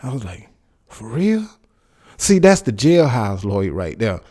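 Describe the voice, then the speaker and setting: A man's voice: fairly low pitch, sing-song, normal speed, darkish tone. A man in his forties hosting a podcast, giving casual commentary and personal stories in a loose, rambling way with many restarts. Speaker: podcast host.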